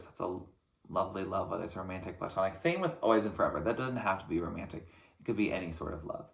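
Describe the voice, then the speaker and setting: A man reacting to an album track by track, talking in an earnest, thoughtful way with frequent pauses between phrases. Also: deep voice, vocal fry, fairly bright tone, echoey room. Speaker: music reaction channel host. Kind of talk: reflective album reaction commentary.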